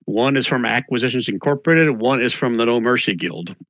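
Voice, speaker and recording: A man running a tabletop game as game master, narrating scenes and reading letters aloud in a steady voice. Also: mid-range voice, brisk, dry recording, poor audio.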